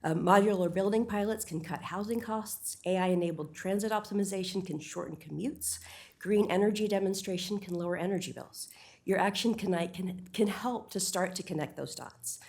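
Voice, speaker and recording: A woman's voice: mid-range voice, moderate pace, a little mellow. A slightly out-of-breath woman giving an earnest, persuasive public comment at a city council meeting, listing her points and correcting herself as she goes. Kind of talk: prepared public comment speech.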